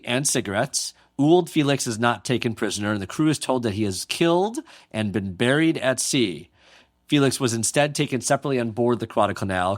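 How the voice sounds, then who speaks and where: A man's voice: mid-range voice, dry recording, studio quality. A man hosting a podcast, telling a history story in a casual, jokey way and reading quotes aloud. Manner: jokey, reads quotes aloud with playful asides. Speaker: podcast host.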